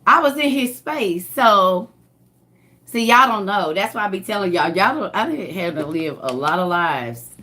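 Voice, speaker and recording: A woman telling viewers a personal story in casual, animated, emphatic speech full of slang. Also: lowish voice, normal speed.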